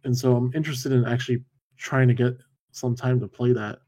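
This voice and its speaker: Laid-back man with a dark, mellow voice. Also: medium pitch, little pitch movement, brisk. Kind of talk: casual game-discussion chat.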